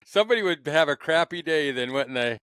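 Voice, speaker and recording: A man's voice: on the high side, expressive, brisk, fairly bright tone, clean tone, no room sound. A man hosting a podcast in casual chat, laughing easily and sometimes searching for words. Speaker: podcast host.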